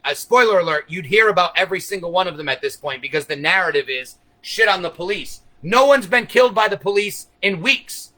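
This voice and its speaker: A man with a high, bright voice delivers a long, unscripted livestream rant, swearing freely and speaking directly to his audience. He rambles between points and leans into a conspiratorial tone, coaxing viewers to follow along. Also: rough recording. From United States. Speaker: livestream host.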